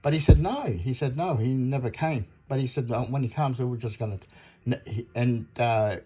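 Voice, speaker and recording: Indignant middle-aged man from Australia, husky voice, repetitive ranting monologue. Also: medium pitch, moderate pace, dark tone. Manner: indignant, repetitive, retells phone calls with quoted voices. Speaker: audio kit seller.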